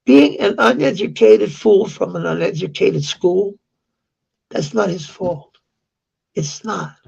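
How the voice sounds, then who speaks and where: Gravelly Danish-accented man ranting. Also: high-pitched, takes it slowly, a little mellow, lo-fi sound. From Denmark. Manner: heated, profane, repetitive ranting. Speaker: vlogger. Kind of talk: angry rant to camera.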